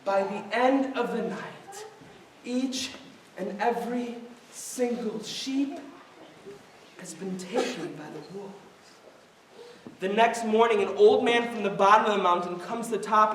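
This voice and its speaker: A man's voice: high-pitched, unhurried, long pauses, a little hiss or hum. A man telling stories to children at a mosque family night, playful and theatrical, joking between the lines. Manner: playful, theatrical, mixing jokes into the story. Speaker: storyteller. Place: mosque hall. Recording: echoey hall from far off. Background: children in the audience calling out.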